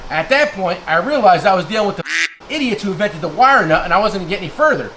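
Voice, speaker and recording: A man's voice: high-pitched, lively intonation, fast talker, noisy background. A man from New Jersey, a tool dealer, ranting heatedly to his viewers in a blunt, name-calling way, checking in with "okay?" again and again. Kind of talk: heated rant to camera.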